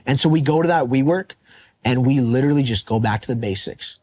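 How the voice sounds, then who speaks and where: A young man, a podcast guest, telling his business story in a casual, animated and blunt way, swearing often. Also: mid-range voice, a little fast. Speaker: podcast guest, real estate wholesaler.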